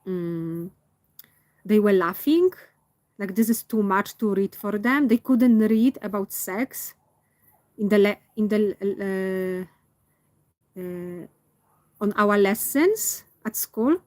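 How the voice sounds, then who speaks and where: A woman, not a native English speaker, telling a personal story in a reflective monologue and often pausing to search for words. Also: medium pitch, a little mellow, no echo. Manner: thoughtful, pauses to search for words. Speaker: vlogger.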